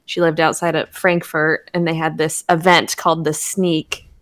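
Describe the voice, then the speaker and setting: A woman's voice: sits low, flat delivery, normal speed, no echo, studio quality. A young woman chatting casually on a show, rambling with fillers and laughing often. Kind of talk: casual chat.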